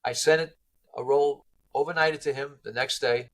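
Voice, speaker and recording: Male interview guest, animated storyteller who voices his quotes. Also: medium pitch, moderate pace, low-quality recording. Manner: lively, acts out quoted people in voices. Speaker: interview guest, car restorer.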